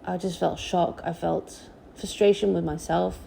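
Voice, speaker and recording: A young woman telling a personal story in a halting, emotional way, with many restarts. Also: on the low side, steady tone, creaky, dark tone, a little hiss or hum. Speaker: vlogger.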